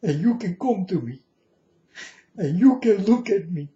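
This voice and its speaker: Male vlogger, earnest and preachy, slightly high voice, very slow delivery. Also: expressive, warm tone, lo-fi sound. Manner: earnest, solemn, repeatedly addresses listeners as folks. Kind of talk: emotional monologue to camera.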